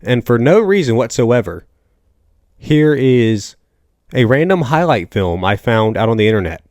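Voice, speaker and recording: A man's voice: mid-range voice, big pitch swings, a little slow, a little mellow, no room sound, studio quality. A young man from the American South hosting a casual solo podcast, rambling and joking through stories with lots of asides. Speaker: podcast host.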